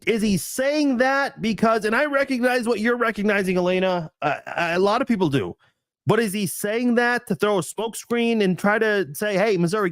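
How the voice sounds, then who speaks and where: A man's voice: a little high, no room sound. A man hosting a casual live stream chat, thinking aloud with lots of restarts and fillers.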